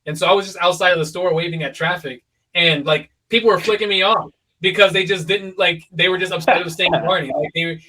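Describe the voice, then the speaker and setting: A young man hosting a podcast, talking in a relaxed, rambling way full of fillers. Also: high voice, quick pace. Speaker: podcast host. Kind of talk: casual podcast chat. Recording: voice a little far from the mic.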